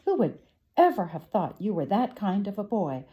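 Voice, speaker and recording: A woman's voice: medium pitch, sing-song, normal speed, warm tone, husky, rough recording. Woman voicing a homely older sweet shop lady. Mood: astonished. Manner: homely, motherly, exclaiming.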